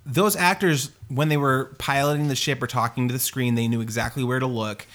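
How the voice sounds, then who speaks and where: A man hosting a casual movie review chat, animated and crude, with lots of fillers. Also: medium pitch, brisk.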